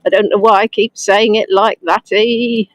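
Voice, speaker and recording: Out in the snow on a town street, a woman guides a live-streamed virtual walking tour, chatting and greeting viewers by name, filmed on a gimbal-mounted phone held close to her face. She speaks at a medium pitch with fairly even intonation and normal speed. The recording is dry and rough.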